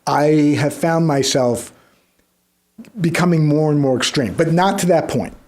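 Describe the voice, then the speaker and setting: A man's voice: fairly high pitch, measured pace, darkish tone. A man talking as a guest in an interview, telling stories and repeating words as he starts his sentences. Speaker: guest, kindness program creator. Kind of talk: conversational interview storytelling.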